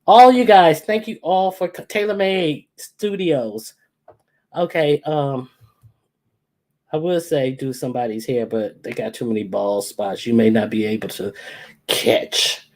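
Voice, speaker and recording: In an unhurried, darkish bass voice, a woman runs a casual livestream where she calls out viewers by name in turn and teases them in fun. The sound comes from a computer or phone mic with some echo.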